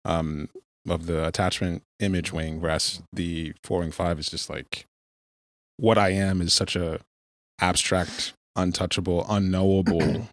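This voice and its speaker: Low-voiced man, wry podcast talk. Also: flat delivery, measured pace, dry recording, studio quality. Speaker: podcast co-host. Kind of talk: casual podcast discussion.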